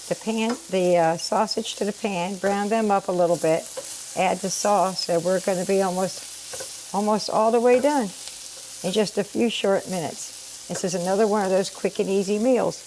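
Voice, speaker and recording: Her mid-range voice has a darkish tone and moves at a moderate pace, with a slight scratch from allergies. The middle-aged woman hosts a casual home cooking vlog, chatting as she explains each step over the sound of a pan sizzling in her kitchen.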